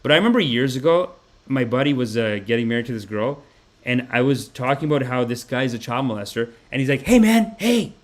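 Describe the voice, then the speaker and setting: A man's voice: mid-range voice, fast. A man hosting a live podcast, chatting casually with lots of swearing and tangents. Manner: profane, rambling, animated. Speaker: podcast host. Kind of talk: casual livestream chat.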